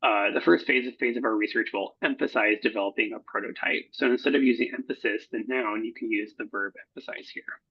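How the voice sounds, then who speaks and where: Speaking at a medium pitch with a slightly rough voice, a research proposal editor goes over slides in a recorded workshop. He halts often, leaning on fillers and correcting himself, and the audio quality is dull and lo-fi.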